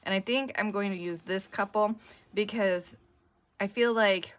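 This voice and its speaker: A woman whose throat is sore and whose voice cracks now and then. She talks in a chatty, rambling way, thinking aloud as she works through a crafting tutorial. Her pitch sits in an ordinary middle range. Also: measured pace. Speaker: junk journal crafter on a design team.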